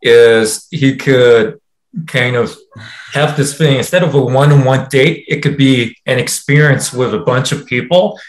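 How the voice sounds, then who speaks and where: Man, calm interviewer, middle pitch, echoey room. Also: unhurried. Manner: calm, asks questions. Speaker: co-host. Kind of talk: casual podcast talk.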